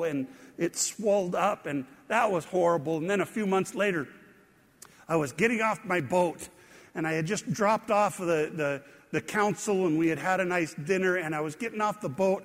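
A man with a notably high voice gives a sermon in a church sanctuary, and his words ring out with a long reverb. He tells stories about his own mishaps with easy, self-deprecating humor before he turns to praise. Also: normal speed, fairly bright tone. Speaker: pastor.

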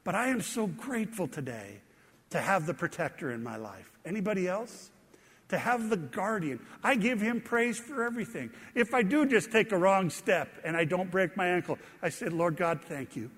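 A man with a notably high voice gives a sermon in a church sanctuary, and his words ring out with a long reverb. He tells stories about his own mishaps with easy, self-deprecating humor before he turns to praise. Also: very animated, moderate pace, fairly bright tone, breathy edge. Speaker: pastor.

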